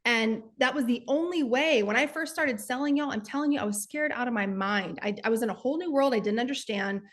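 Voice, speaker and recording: A woman's voice: fairly high pitch, brisk. A woman, earnestly telling motivational stories as a guest and sales coach. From Texas. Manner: earnest, emphatic, addresses listeners as y'all. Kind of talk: motivational storytelling.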